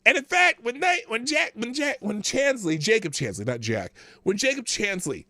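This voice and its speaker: Animated high-voiced man hosting a talk show. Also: normal speed, no echo, studio quality. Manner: animated, incredulous, reads quotes aloud and laughs. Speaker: host of a live political talk show. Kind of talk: casual political commentary.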